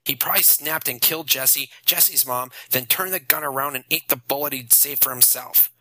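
A man's voice: mid-range voice, normal speed, pushed and bright, poor audio. A man voicing a cruel teenage boy bully who swears and taunts. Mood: gloating.

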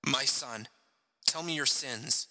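A man's voice: medium pitch, slow pace, bright, forceful tone. A man voicing a shaken priest who speaks stiffly and holds back anger, in a reverberant room. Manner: stiff, restrained. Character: shaken middle-aged male priest.

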